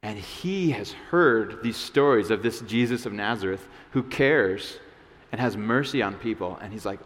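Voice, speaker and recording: A man's voice: lowish voice, lively intonation, a little slow, a bit bright. A male pastor giving a casual, conversational sermon, with many restarts and acted-out quotes. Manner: conversational, many restarts and fillers, acts out voices. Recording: long hall reverb.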